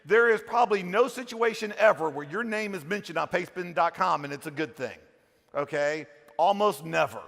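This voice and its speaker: Middle-aged male keynote speaker, gravelly bright voice, big hall reverb, jokey and loud. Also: sits high, normal speed. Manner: energetic, jokey, swings from hushed asides to shouting. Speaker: conference speaker. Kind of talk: animated conference keynote. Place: large conference hall.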